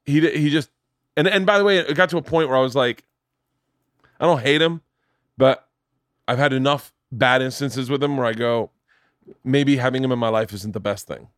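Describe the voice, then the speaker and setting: A middle-aged podcast host tells stories in casual chat, animated and acting out the people he quotes. His mid-range voice moves at a normal speed with frequent pauses, and the studio recording is clean with no echo.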